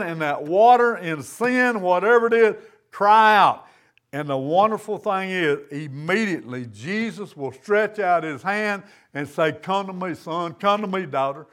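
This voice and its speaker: Addressing his congregation in a sermon, a high-voiced man speaks earnestly with simple, folksy grammar, his words rising and falling in a steady cadence. His tone is clean and his pace measured.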